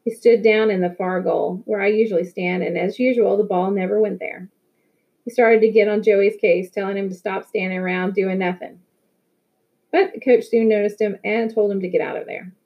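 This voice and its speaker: A woman reading a novel aloud in a steady, plain storytelling manner. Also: mid-range voice, normal speed, muffled recording. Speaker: audiobook reader.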